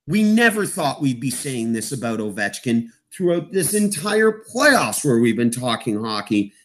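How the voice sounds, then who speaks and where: A man from Eastern Canada co-hosting a hockey podcast, his pitch leaping all over as he gets excited. He talks fast and jokey, riffing on the playoffs. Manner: excitable, jokey, jumps in pitch when amazed. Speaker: co-host hockey analyst. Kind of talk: sports podcast chat.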